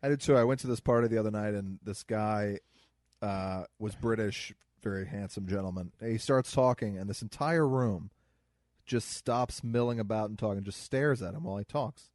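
A man's voice: lowish voice, normal speed, a little mellow, no room sound. Wry Midwestern man, dry close mic. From American Midwest. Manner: wry, joking, rambling storyteller. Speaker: podcast co-host. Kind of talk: casual movie commentary chat.

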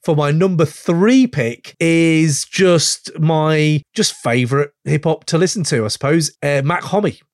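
A man's voice: a little high, unhurried, few pauses, no room sound, studio quality. A man hosting a podcast, chatting in a rambling, enthusiastic way and swearing freely. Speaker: podcast host. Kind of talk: casual chat.

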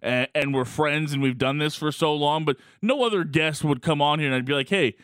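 Slightly high-voiced male radio host. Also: brisk, fairly bright tone, dry recording, studio quality. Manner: friendly, admiring banter with his guest. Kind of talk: casual radio chat.

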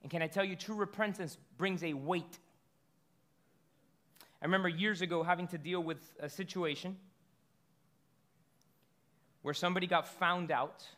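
A man delivers a sermon in a high, bright voice. He preaches conversationally, tossing out rhetorical questions and stumbling into quick restarts as he works through his point. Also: fairly even intonation. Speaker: pastor.

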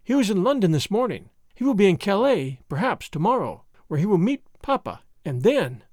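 A man voicing an excitable, chattering young French noblewoman in a storybook reading, gushing along breathlessly. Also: sits high, moderate pace, no room sound, clean studio sound. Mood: excited.

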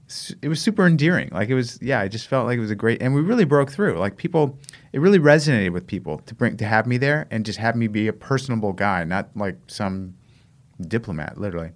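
An American man, a guest runner, telling stories in a casual interview, animated and laughing, acting out the voices of people in his stories. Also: medium pitch. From United States. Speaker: guest, long-distance runner.

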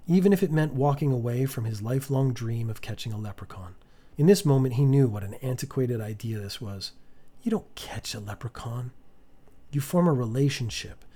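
A man's voice: mid-range voice, warm tone, husky. A man, the podcast's storyteller, narrating a comic choose-your-own-path story in a dry, mock-solemn way.

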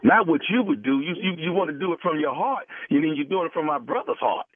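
A man's voice: on the high side, animated, fast talker, no echo. A man making a radio prank call, earnestly pressing the callee while posing as a grieving brother. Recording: tinny phone line.

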